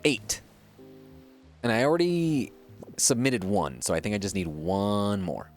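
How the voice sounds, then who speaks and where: A man's voice: on the low side, expressive, unhurried. A man hosting a casual let's-play, chatting playfully and thinking aloud as he goes. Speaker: gaming channel host. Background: faint game music.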